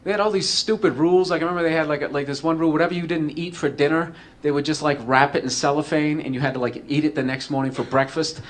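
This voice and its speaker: A man's voice: fairly high pitch, steady tone, fast, few pauses. A man telling a comedic personal story in a rambling, profane way, full of "like" and "you know".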